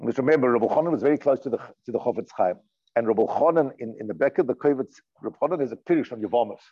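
A man's voice: medium pitch, rapid-fire, breathy edge, no echo, dull audio. A man teaching a religious lesson, reading passages aloud and translating them, earnest and emphatic, often repeating and restarting his words. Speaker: rabbi teaching a class. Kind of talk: storytelling lesson, reading and translating Hebrew text.

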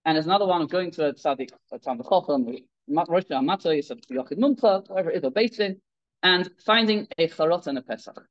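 A man's voice: on the high side, fast. Guy giving a torah talk, acts out the characters, kinda lo-fi recording. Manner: animated, acts out quoted characters, many restarts. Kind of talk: sermon with storytelling.

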